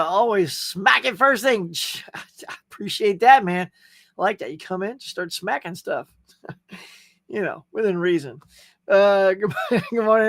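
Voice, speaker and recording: A middle-aged man speaking with a Southern US accent chats casually on a live stream, reading out comments, laughing often, and greeting viewers by name. His high-pitched voice has a fairly bright tone, and the clean studio audio has no echo.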